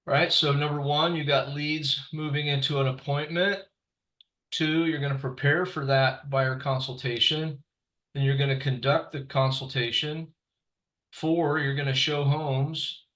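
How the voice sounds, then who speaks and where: A man leading an online real estate training session over a video call, halting and full of fillers and restarts. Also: a little high, steady tone, a bit bright, low-quality recording.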